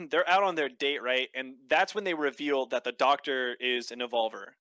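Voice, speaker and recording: This podcast co-host speaks at a medium pitch in a dry recording. Recapping a show in casual chat, he tells it fast and animated, full of filler words and cursing.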